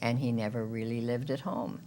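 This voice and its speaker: A woman's voice: a bass voice, steady tone, a little fast, warm tone, a little hiss or hum. A woman in an interview, explaining a point at length. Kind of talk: conversational interview.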